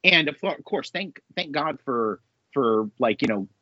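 A man co-hosting a casual pop culture podcast, telling stories in an animated way with a husky voice. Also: medium pitch, moderate pace, no echo, dull audio. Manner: animated storytelling, laughs often. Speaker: podcast co-host.

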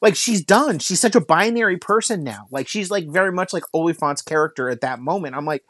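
A man's voice: a little high, lively intonation, a little fast, a bit bright, dry recording. Ranting, foul-mouthed podcast man. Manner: ranting, frequent swearing and filler "like". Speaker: podcast co-host. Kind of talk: casual chat.

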